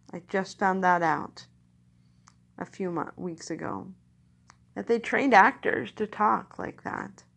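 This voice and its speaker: A woman's voice: medium pitch, creaky. A woman chatting casually about films in a rambling, nostalgic way. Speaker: vlogger reviewing films. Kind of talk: casual chat.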